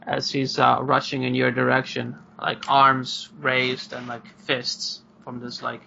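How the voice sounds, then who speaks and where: Man, game master, rambling narration, fillers, gravelly, faint hiss. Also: mid-range voice, monotone, slow, sharp tone. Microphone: video call. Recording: muffled lo-fi online call.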